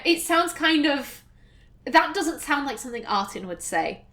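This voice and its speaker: A northern English woman commenting on her gameplay, chatty and thinking aloud as she goes. Her voice sits high, and she trips over herself and restarts. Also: expressive, moderate pace, fairly bright tone. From Northern England. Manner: chatty, musing aloud, self-correcting. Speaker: let's play host.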